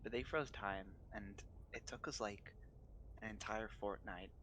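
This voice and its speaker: Male player, easy chatty delivery, low voice, noisy recording. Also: measured pace, fairly bright tone.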